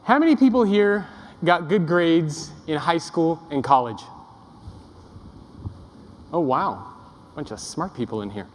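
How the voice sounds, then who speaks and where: A young man tells jokes at his own expense from a keynote stage, his voice notably high for a man. He jokes with a live crowd in a large conference hall. A long echo trails his words. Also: animated, a little slow, long pauses, a little hiss or hum. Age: young adult. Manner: self-deprecating, joking with the audience. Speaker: keynote speaker. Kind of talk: humorous keynote storytelling.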